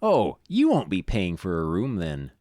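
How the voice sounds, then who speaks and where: A man's voice: sits low, huge pitch swings, measured pace, warm tone, dry recording, studio quality, voice pushed down, exaggerated voice. A man voicing a friendly, worried male alien resort host in a video game. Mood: fretting. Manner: worried, polite, flustered.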